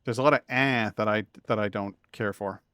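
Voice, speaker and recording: A man's voice: lowish voice, fairly even intonation, fairly quick, bright, forceful tone, smooth, no echo. Chatty Upstate New York man streaming. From Massachusetts. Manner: rambling, self-deprecating, chatty with viewers. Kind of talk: casual live-stream gaming chat.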